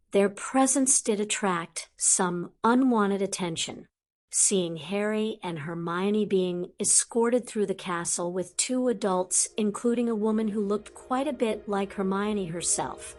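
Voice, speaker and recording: A woman reading a fan-written audiobook as narrator, in a steady scripted narration. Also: mid-range voice.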